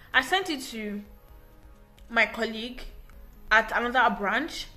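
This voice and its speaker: A young woman retells a personal story in casual, animated bursts, often restarting her sentences. Her voice sits fairly high and sounds bright and forceful. Soft music plays faintly underneath. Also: moderate pace, pauses often. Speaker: English teacher.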